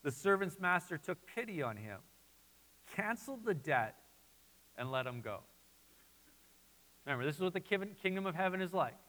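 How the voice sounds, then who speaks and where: A man preaching a sermon as pastor, animated and repeating his phrases as he voices listeners' doubts. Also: fairly high pitch, normal speed, long pauses, big-room sound, rough recording.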